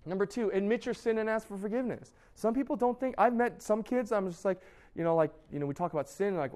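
Young male youth pastor, slightly high voice, chatty and joking sermon style. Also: quick pace. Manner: casual, joking, lively storytelling with many fillers and restarts.

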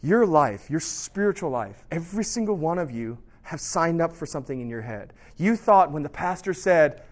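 A man's voice: a little high, expressive, normal speed, few pauses. A man preaching a sermon in a conversational storytelling way, often checking in with his listeners. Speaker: pastor.

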